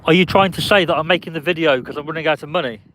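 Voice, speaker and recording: A man's voice: a little high, racing, fairly bright tone, slight background noise. Chatty man streaming from a parked car. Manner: chatty, answers viewer comments by name; playfully guesses passers-by's names. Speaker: live streamer. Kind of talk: casual live-stream chat.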